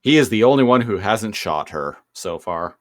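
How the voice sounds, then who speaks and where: A man's voice: on the low side, lively intonation, moderate pace, no echo, studio quality. A man co-hosting a podcast, animatedly retelling scenes with lots of fillers and swearing. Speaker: podcast co-host. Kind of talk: casual chat retelling a cartoon episode.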